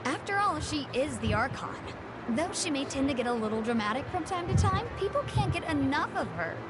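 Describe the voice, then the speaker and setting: A woman's voice: high-pitched, very animated, a little fast, loud music behind the voice. A chatty, friendly young townswoman.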